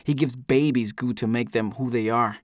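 A man's voice: medium pitch, fairly even intonation, moderate pace, no room sound, clean studio sound. A man giving an intense, brooding first-person audiobook narration.

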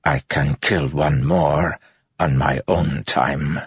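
A man reading the lines of a weary, menacing male assassin slowly and quietly. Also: very deep voice, fairly even intonation, creaky, breathy edge, no room sound, muffled recording, full character voice.

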